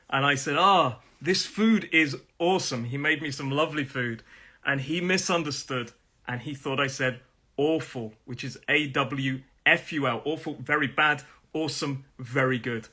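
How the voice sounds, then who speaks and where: Bright-voiced man teaching pronunciation. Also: on the high side. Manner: friendly, repeats words slowly with stress. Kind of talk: live-streamed pronunciation lesson.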